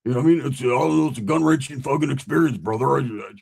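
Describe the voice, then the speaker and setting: A man's voice: mid-range voice, fast, gravelly, darkish tone, husky. A man from California telling a rambling, profane street story in casual talk, acting out the other people in it.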